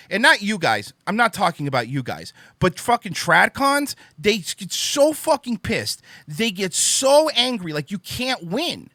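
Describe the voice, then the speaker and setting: A young man rants on his podcast in a high, lively voice that swoops up and down as he presses his points. His tone is bright and forceful, heavy with profanity, and the sound is close and dry with no room around it. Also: moderate pace, dry recording. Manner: profane, emphatic ranting. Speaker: podcast host. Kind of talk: casual opinion monologue.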